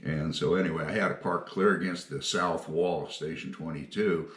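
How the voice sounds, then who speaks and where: An older retired firefighter telling stories in a casual interview, folksy and quick to laugh. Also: male voice, rumbling low, steady tone, fairly bright tone, reverberant.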